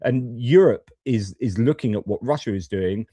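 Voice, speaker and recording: Broadcasting a geopolitics live stream from his home studio, a man talks in a chatty, opinionated way, using plenty of fillers. His medium-pitched voice has a dark tone at normal speed, with no echo.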